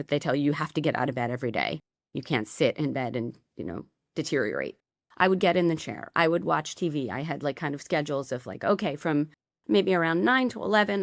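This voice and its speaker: Woman, middle-aged, podcast guest, candid storytelling, deep voice, dry recording. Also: gravelly, no echo. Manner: candid, emotional storytelling with quick asides. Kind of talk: personal story in a podcast interview.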